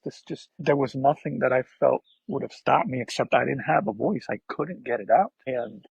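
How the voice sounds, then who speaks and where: A man speaks with a gravelly, husky voice pitched a little high. He tells an emotional personal story as a podcast guest, soft-spoken and halting, often starting his sentences over. The sound is dry and dull, as on a muffled remote recording. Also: no room sound.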